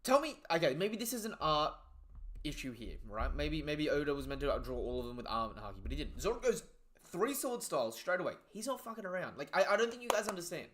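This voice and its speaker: A man giving excited, profanity-laden live commentary while reading through a comic chapter and chatting to viewers. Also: a little high, fast, a little hiss or hum. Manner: excitable, swears freely; reads the panels aloud as he goes. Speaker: live reaction streamer. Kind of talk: casual live reaction commentary.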